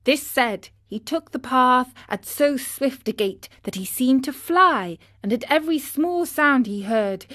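A woman narrating a storybook for children with a clear, expressive reading. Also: mid-range voice, no room sound, clean studio sound.

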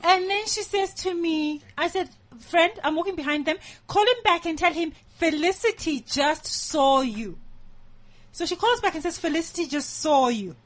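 High-voiced South African woman telling a story. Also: moderate pace. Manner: lively, acts out dialogue. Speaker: guest. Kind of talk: casual chat, telling a story.

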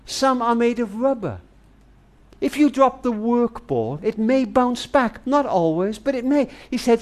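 An older man, a grandfather and author, tells a story and reflects in a tender, intimate, sermon-like way, slowing down for emphasis. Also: very high-pitched, very animated.

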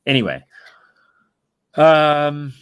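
A man's voice: a little high, very slow, smooth. A South African man co-hosting a podcast, talking politics in a rambling, casual way full of fillers. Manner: rambling, animated, filler-heavy.

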